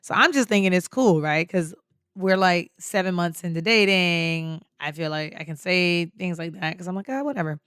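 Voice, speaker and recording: A woman hosting a podcast, telling a personal story in an animated, slangy way and laughing often. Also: fairly low pitch, moderate pace, clear, resonant tone, no echo, clean studio sound. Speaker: podcast host. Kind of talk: casual storytelling.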